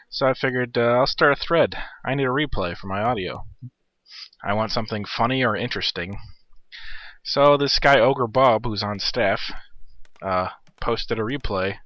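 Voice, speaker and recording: A man in his thirties rambling through a game replay commentary, swearing and joking. His voice sits a little low. It comes through a dry, dull lo-fi recording. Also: normal speed, no room sound. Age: 30s. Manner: irreverent, profane, joking.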